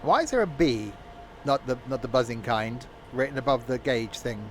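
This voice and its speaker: A man streaming a game, chatting away to himself in a loose, jokey ramble with plenty of restarts. His pitch sits in a middle range, with faint background noise. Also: animated, normal speed. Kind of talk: live gameplay commentary.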